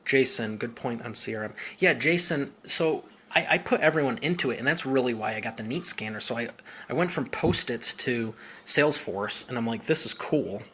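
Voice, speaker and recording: A man's voice: medium pitch, moderate pace, bright, forceful tone, husky. A man working as a business coach, answering viewer comments in a casual, upbeat live Q&A with informal slang.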